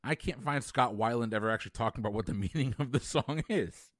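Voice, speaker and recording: A man's voice: mid-range voice, quick pace, no room sound, studio quality. A man co-hosting a casual podcast, giving opinionated takes with jokes and fillers. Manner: opinionated, joking, hesitant fillers. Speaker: podcast co-host.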